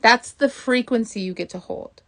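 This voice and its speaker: A woman giving a casual motivational talk as a mindset coach, chatty and animated, often asking "right?" and acting out inner thoughts. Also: fairly high pitch, moderate pace.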